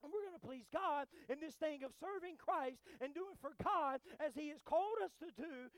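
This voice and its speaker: A man, a pastor preaching a sermon, moving between quiet storytelling and loud, fervent exhortation. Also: extremely high pitch, moderate pace, hardly any pauses, dry recording.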